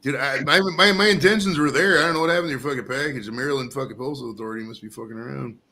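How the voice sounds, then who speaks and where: A man's voice: medium pitch, rapid-fire, bright, forceful tone. A man co-hosting a livestream, bantering loosely and swearing in casual chat. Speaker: livestream co-host.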